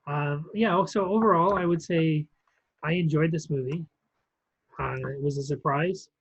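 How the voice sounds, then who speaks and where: A man's voice: fairly high pitch, unhurried, breathy edge, dry recording. Male podcast co-host, casual rambling film talk, dry slightly muffled home recording. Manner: rambling, many ums and restarts. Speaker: podcast co-host reviewing films. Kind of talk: casual chat.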